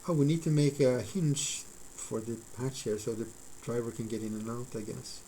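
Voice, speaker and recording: A man on a live stream talks his viewers through building a model, his voice sitting at an ordinary middle pitch. He rambles and thinks aloud, filling gaps with ums and uhs. A faint noise runs under his voice. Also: fairly even intonation, normal speed, mellow, rough recording. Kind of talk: casual live-stream chat while crafting.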